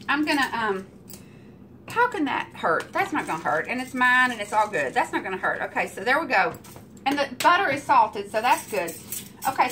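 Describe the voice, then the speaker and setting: A woman talks her viewers through a recipe in her home kitchen, chatty and teasing. Her voice sits high, swinging widely, with a bright ring, and a faint hum of the room underneath. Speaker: home cooking video host. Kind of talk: casual cooking chat.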